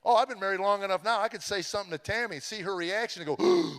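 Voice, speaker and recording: Man telling his testimony, halting, in a reverberant hall. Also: high voice, expressive, fairly bright tone. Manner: halting, repeats words and restarts often. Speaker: comedian giving a testimony. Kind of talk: personal testimony told to a live audience. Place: large room with an audience.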